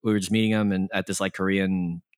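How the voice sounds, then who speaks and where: A man's voice: low voice, flat delivery, fast talker, smooth, dry recording, studio quality. A man co-hosting a podcast in casual chat, telling stories full of fillers and teasing his co-hosts. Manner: storytelling with many fillers, teasing. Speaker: podcast co-host.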